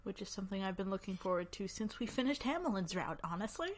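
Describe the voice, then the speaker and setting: A woman's voice: mid-range voice, expressive, fast talker, a little hiss or hum. Woman chatting thru a visual novel playthrough, upbeat and rambly, coughs a lot, desk mic. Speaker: let's play host. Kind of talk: casual gameplay commentary. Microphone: desk microphone.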